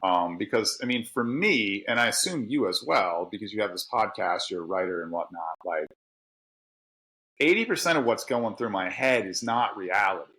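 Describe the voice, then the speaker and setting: A casual podcast conversation features a middle-aged Pittsburgh guest, an author and tradesman with a Pittsburgh accent, who speaks candidly and laughs frequently. His lowish voice is animated, bright and forceful at normal speed. The audio is poor.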